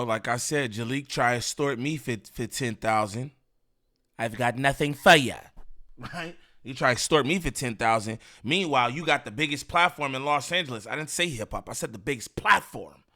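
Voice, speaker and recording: A man hosting a commentary channel, talking in an animated, rambling, slangy way with lots of repeats. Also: medium pitch, moderate pace. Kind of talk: casual reaction commentary.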